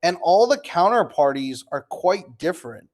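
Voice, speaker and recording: A man's voice: sits high, very animated, normal speed. A young man, talking casually as he clicks through wallets on a stream, incredulous and swearing, addressing viewers as guys. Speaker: crypto streamer. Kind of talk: live screen-share commentary.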